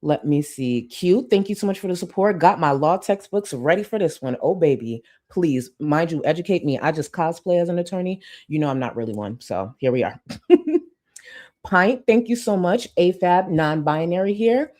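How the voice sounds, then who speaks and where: Speaking at normal speed, this Houston, Texas streamer has a fairly low, expressive, darkish voice. She playfully thanks viewers for super chats in a casual livestream, laughing a lot and dropping slang.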